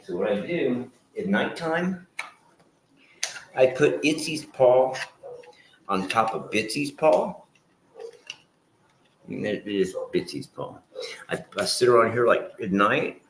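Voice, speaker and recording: Casual livestreamer, middle-aged man, lowish voice, rambling and cussing, faint hiss in a roomy space. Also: sing-song, measured pace. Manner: rambling, swears casually, shifts into loud scolding and prayer. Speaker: vlogger livestreaming with his dogs.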